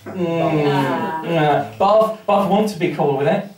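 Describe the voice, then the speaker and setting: A man's voice: fairly high pitch, takes it slowly, crowd noise. An English man doing a brash, sweary, self-mocking stand-up set in a small pub comedy room. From England. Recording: roomy sound from a distant mic, audience reacting. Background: audience laughter.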